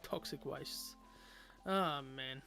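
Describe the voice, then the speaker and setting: High bright-voiced rambling male streamer. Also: slow pace, creaky, soft background music. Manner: rambling, musing aloud with many fillers. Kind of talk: casual gameplay commentary, chatting with viewers.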